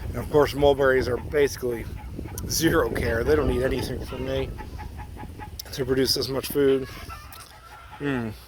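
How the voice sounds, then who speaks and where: Casting: easygoing male grower, mid-pitched, chatty walk-and-talk by his trees, clucking hens and a crowing rooster clearly heard behind him. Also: moderate pace, long pauses. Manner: relaxed and chatty, often munching berries while talking. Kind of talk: casual garden vlog. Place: outdoors among fruit trees on his property. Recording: outdoor noise with chickens and a rooster.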